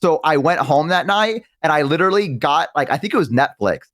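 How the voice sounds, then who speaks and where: Young man, fast talker, animated storyteller who slips into high voices for the people he quotes. Casual chat. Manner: excitable storyteller, acts out friends in quick high voices. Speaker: guest. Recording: live stream.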